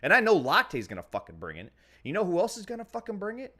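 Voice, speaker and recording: A man's voice: high voice, huge pitch swings, fast, pushed and bright. A man co-hosting a fan call-in podcast, brash and emphatic, swearing often while reading sponsor plugs. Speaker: podcast co-host. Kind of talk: loud casual podcast banter with sponsor reads.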